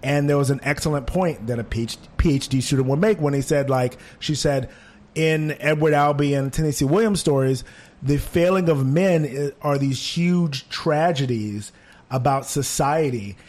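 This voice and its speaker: A man in casual conversation, critiquing a theater production with animated asides. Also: on the high side, normal speed. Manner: animated, mimics voices when quoting. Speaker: theater reviewer.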